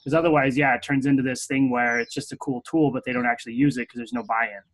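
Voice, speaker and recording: A man co-hosting a casual business talk show, explaining his points in a direct, steady way. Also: medium pitch, fast, rough recording. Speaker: podcast co-host.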